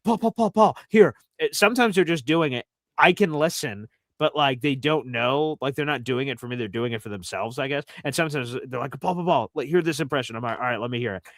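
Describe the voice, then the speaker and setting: Casual male host, animated and rambling, dry close mic. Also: mid-range voice, no room sound. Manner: rambling, animated storytelling with fillers. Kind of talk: casual sports chat.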